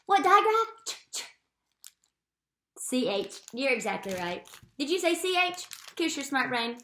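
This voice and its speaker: A woman teacher giving a playful phonics lesson to young children, sounding out letter sounds slowly. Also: sits high, big pitch swings, pushed and bright, reverberant, a little hiss or hum.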